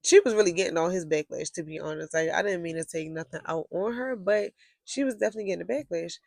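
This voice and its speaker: A woman's voice: on the low side, quick pace, creaky, darkish tone, dry recording. A young woman telling a storytime vlog in a casual, blunt and profane way, with heated outbursts. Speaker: vlogger.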